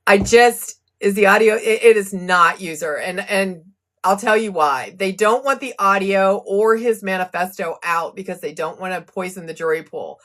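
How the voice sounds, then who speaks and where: A woman's voice: medium pitch, animated, normal speed, a bit bright. A woman doing casual live-stream commentary on a legal case, agitated and fired up, venting and reading viewer comments aloud. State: agitated, blood pressure up. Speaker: true crime live streamer.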